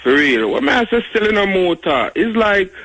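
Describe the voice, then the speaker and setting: A man's voice: sits high, big pitch swings, moderate pace, a bit bright, rough recording. A Jamaican man calling a radio show by phone, rambling in casual chat and often saying "you know.". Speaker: radio caller. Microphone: phone call.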